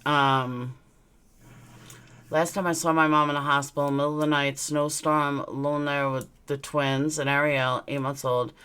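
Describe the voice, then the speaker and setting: A woman's voice: deep voice, steady tone, a little slow, fairly bright tone, clean tone. A woman hosting a live stream and chatting casually. She tells rambling personal stories bluntly and swears freely. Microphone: webcam mic, looking into camera.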